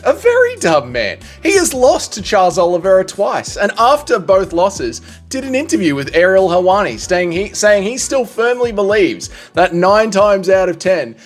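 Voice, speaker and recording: A man giving a casual comedic monologue, joking and rambling with slangy asides. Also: a little high. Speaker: tier-list commentator.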